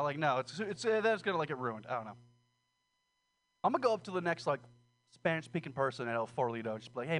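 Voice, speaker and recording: A man's voice: fairly high pitch, fairly bright tone. A man doing a rambling, crude, self-deprecating stand-up set on a small stage, laughing nervously between jokes. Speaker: stand-up comedian.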